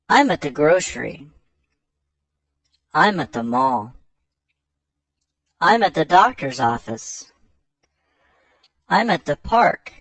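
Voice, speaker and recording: A lesson narrator in a scripted English lesson, reading short example sentences one after another in a measured, even way. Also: medium pitch, no room sound, clean studio sound. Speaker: English teacher.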